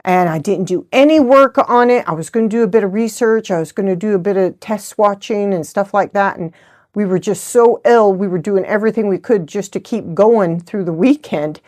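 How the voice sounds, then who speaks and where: A middle-aged woman chats casually on her crafting vlog. She rambles along in a good-humored way. Her voice sits at an ordinary mid pitch. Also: normal speed, darkish tone. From United States. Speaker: host of a knitting channel. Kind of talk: casual chat.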